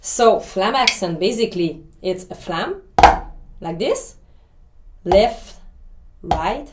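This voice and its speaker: A woman's voice: medium pitch, expressive, takes it slowly, reverberant, heavy background noise. A woman drummer, a guest who is chatty and laughs often, explaining a drum exercise step by step. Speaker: drummer guest giving a pad lesson. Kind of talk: casual interview, then drum lesson.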